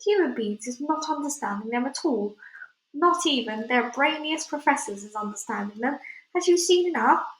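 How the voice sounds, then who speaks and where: A woman's voice: sits high, animated, normal speed, a bit bright. A woman voicing a kindly, patient giant who talks in quirky mangled grammar, in a storybook reading. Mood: musing. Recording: echoey room.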